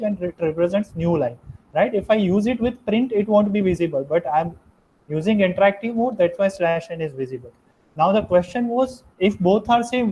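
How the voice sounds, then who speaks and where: High-voiced man teaching code, "right?". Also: dark tone, a little hiss or hum, poor audio. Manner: explains step by step, tags sentences with "right?". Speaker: programming instructor. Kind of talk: live online coding lesson.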